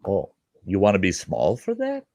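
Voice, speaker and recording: A man's voice: low-pitched, wildly swooping pitch, moderate pace, gravelly, darkish tone, no room sound, clean studio sound. A middle-aged man hosting a show and telling a rambling childhood story in a folksy, casual way. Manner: folksy, rambling, with fillers like "you know". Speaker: host and storyteller.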